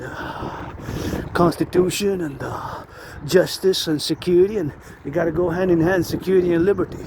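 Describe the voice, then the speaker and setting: A man from Quebec talks to his camera outdoors, looping phrases into a steady chant. His voice sits fairly high for a man. Clear traffic and vehicle noise runs underneath. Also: low-quality recording. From Quebec, Canada. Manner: repetitive, chanting phrases over and over. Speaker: vlogger. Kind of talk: rambling outdoor monologue.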